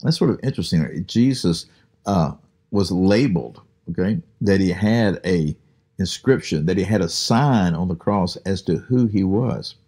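A man with a very low, dark and husky voice leads a daily Bible study podcast. He talks through the passage in a relaxed, conversational way. He pauses often with small fillers as he explains. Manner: relaxed, unhurried, with frequent "uh" pauses.

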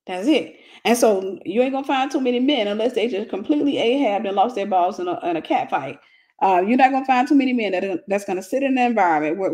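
A woman's voice: mid-range voice, darkish tone. Woman relationship teacher, casual and blunt with a comic streak. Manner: blunt, humorous, colloquial.

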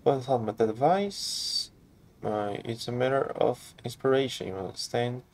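A man's voice: mid-range voice, measured pace, natural voice. A man reading the lines of an eccentric, theatrical male inventor in a game, speaking grandly and wordily. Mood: grandiloquent. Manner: grandiose, wordy speech. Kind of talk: game dialogue read aloud.

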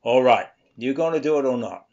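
A man voices a bullying boss in a radio play, brusque and impatient, snapping out orders. His pitch is mid-range, and the recording sounds dull and lo-fi. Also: lively intonation, brisk, a little mellow, lightly acted. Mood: domineering. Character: bullying bossy male employer. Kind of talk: radio drama re-creation.

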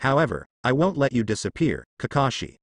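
A man reading the lines of a calm, resolute young male ninja teacher in an audio story, in an earnest, steady voice. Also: mid-range voice, a little fast, no room sound, clean studio sound. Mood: determined.

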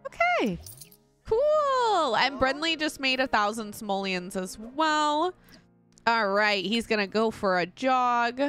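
A woman's voice: a little high, sing-song, slow pace, fairly bright tone, smooth, soft background music. A young woman casually commentating her life-sim gameplay, gushing and giggling often. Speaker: gaming channel host. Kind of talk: casual let's play commentary.

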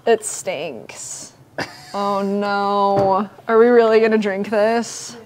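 A woman's voice: medium pitch, fairly even intonation, takes it slowly, a little mellow, a little hiss or hum. A young woman hosting a casual livestream from a home kitchen, giggling often and reading viewer comments aloud. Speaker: livestream host.

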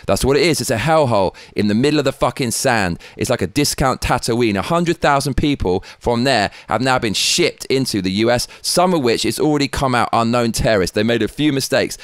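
Angry, profane ranter. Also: male voice, medium pitch, no room sound, studio quality. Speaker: host. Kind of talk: ranting political commentary.

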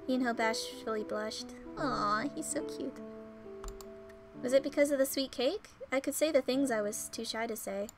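High-voiced woman reading a visual novel. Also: moderate pace. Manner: emotional, swearing, teary reactions. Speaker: Let's Player. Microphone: home microphone. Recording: game music behind.

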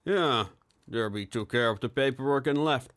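A man's voice: mid-range voice, normal speed, a bit bright, lightly acted. A man voicing a cynical, joking junior police colleague in a steampunk audiobook. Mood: wry. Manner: jesting, pedantic.

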